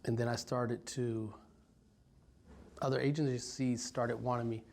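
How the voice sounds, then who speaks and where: A man in his forties from Stockton, California, telling his life story in an interview, reflective and halting with many pauses and ums. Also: medium pitch, little pitch movement, creaky, darkish tone, slight background noise. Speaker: violence prevention worker. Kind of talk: personal story told in an interview.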